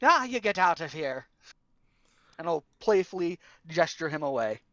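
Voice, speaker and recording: A woman's voice: low voice, very animated, moderate pace, fairly bright tone, no echo, muffled recording. A woman playing a tabletop game, speaking in character in a playful, slangy way. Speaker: player.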